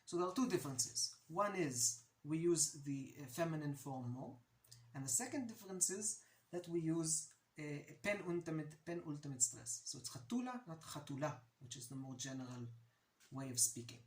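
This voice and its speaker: A woman from Israel with an Israeli accent, casually teaching words and repeating each one slowly so the pronunciation is clear. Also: low-pitched, darkish tone, echoey room. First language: Hebrew. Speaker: language teacher. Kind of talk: casual video lesson.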